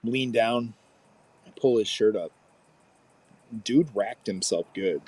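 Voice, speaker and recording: A man's voice: fairly low pitch, slow, husky, no room sound. A man in his thirties, co-hosting a podcast and telling a story in casual chat, acting out what people said. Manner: animated storyteller, acts out quotes. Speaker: podcast co-host.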